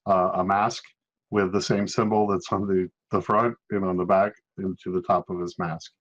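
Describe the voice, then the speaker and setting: A man narrating as game master of a tabletop game, pausing often with fillers. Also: deep voice, flat delivery, lo-fi sound. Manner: hesitant, many filler pauses.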